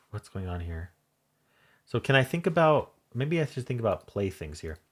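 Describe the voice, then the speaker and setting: A man thinking aloud as he solves a crossword, muttering in halting self-talk with half-voiced asides. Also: on the low side, sing-song. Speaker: crossword solving channel host. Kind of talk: thinking aloud while solving a puzzle.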